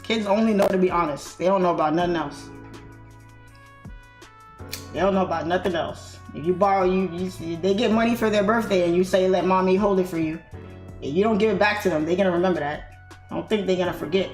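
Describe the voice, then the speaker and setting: A woman's voice: fairly low pitch, quick pace, a little mellow. Laughing woman telling a story. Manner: laughing storyteller, loose slangy talk. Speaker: trading livestream host. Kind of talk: casual chat while trading. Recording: roomy sound with faint music.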